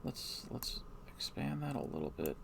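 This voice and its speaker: A man talking to his stream in a hesitant, mumbling way, often putting himself down. His voice is gravelly with fry and moves around a lot in pitch. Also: sing-song, normal speed, background noise. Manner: mumbling, hesitant and self-deprecating. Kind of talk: casual live-stream rambling.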